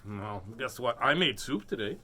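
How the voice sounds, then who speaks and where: Goofy, lively man hosting a kids' show. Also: medium pitch, moderate pace, slight background noise. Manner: goofy, sing-song, laughing often. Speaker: host reading children's books. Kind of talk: playful live-stream chat.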